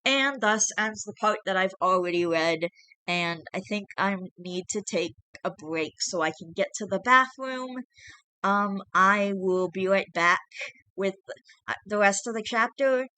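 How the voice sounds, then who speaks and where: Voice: mid-range voice, measured pace, pushed and bright, smooth, no room sound. A person reading fan fiction aloud to viewers, chatty and apologetic between chapters while feeling unwell. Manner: chatty, apologetic, candid asides.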